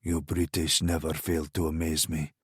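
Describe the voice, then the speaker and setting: A man voicing a menacing, mocking crown prince in an audiobook thriller, speaking in a low, scornful, taunting tone. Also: completely flat delivery, moderate pace, slightly rough, no room sound, studio quality.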